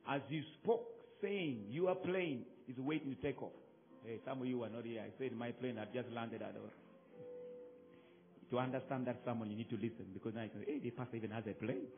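A male pastor, preaching emphatically to his congregation, swinging from loud calls to soft drops. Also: medium pitch, brisk, faint music behind. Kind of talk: sermon. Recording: phone-like narrow sound.

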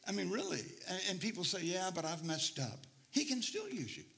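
Brief: male preacher, middle-aged, high, ringing voice, lively storytelling sermon. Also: fairly quick, vocal fry. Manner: animated, laughing, rises to near-shouting in stories. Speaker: missionary preacher.

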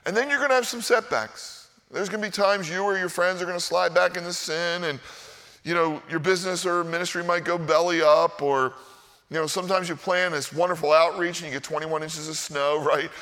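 A man preaching a conversational sermon as pastor, animated and often checking in with the congregation. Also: fairly high pitch, brisk, big-room sound. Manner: animated, conversational, keeps asking "right?".

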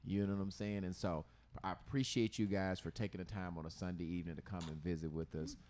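A man's voice: sits low, steady tone, quick pace, darkish tone, a little hiss or hum. A man co-hosting a couples podcast, thanking guests in a casual, repetitive way. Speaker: podcast co-host.

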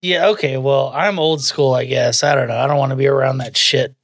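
A man's voice: medium pitch, brisk, no room sound. Dry-voiced, profane joking man. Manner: profane, joking, laughs often. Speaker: podcast co-host. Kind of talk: casual crude podcast banter.

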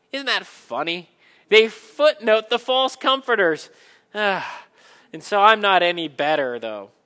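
A man preaching a sermon, animated and conversational, acting out the people in the story in quick asides. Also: high voice, long reverb tail. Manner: animated, acts out Bible characters in quick asides. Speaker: pastor.

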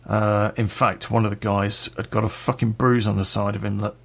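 A man's voice: on the low side, flat delivery, normal speed, creaky, husky. A man telling a personal story in a blunt, sweary way, with a laugh now and then.

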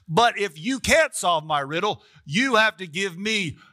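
A cocky young strongman boasts in loose, slangy talk, as a preacher puts him on. The voice sits high and rings very bright, and he swaggers through each line. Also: animated, measured pace, dry recording, studio quality, full character voice. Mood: boastful. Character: brash young strongman hero.

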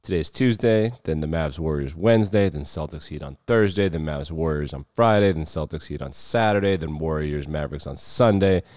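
A man's voice: a bass voice, moderate pace, hardly any pauses, darkish tone, no room sound, highs cut off. A man hosting a sports show, riffing off the cuff on games and clips with a wry, sardonic edge. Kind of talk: casual sports commentary.

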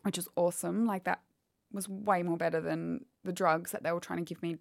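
A woman's voice: on the low side, fairly even intonation, a little fast, creaky, dry recording, clean studio sound. A woman, telling a painful personal story candidly in an interview. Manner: candid, quotes others as she retells. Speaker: guest.

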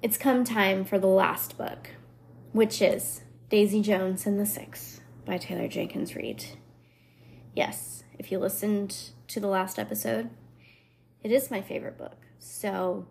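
A woman's voice: mid-range voice, slow, vocal fry, darkish tone. A woman hosting a podcast, answering book reviews in a sarcastic, playful casual chat. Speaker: podcast host.

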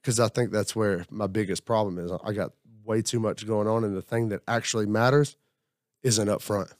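Speaking at a moderate pace with fairly even intonation, a man with a fairly low, slightly mellow voice chats at a table about his week. He wanders, turns reflective, and acts out quotes from others in this casual group conversation. The sound is studio quality with no echo.

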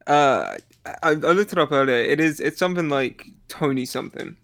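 A man's voice: on the high side, normal speed, fairly bright tone. A man chatting casually as a podcast co-host, laid-back and stammering a little. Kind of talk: casual chat.

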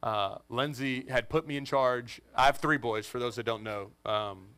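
Bright-voiced joking pastor man. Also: medium pitch, moderate pace, clear, resonant tone, no echo. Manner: animated, joking, acts out family voices. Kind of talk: storytelling sermon. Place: church in front of a congregation.

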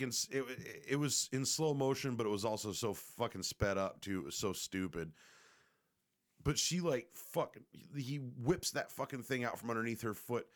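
A man casually telling a rambling, profane, joking story to the camera. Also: fairly low pitch.

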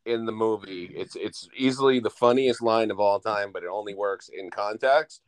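A man co-hosting a casual movie review podcast, animated and quoting film lines. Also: fairly low pitch, normal speed, smooth, no echo, poor audio. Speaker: podcast co-host.

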